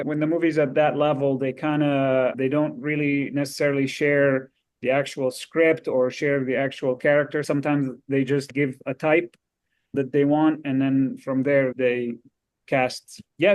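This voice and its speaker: A man, a guest actor, telling anecdotes in a casual, lively way on an interview podcast. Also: on the high side. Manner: lively, animated storytelling with frequent laughs.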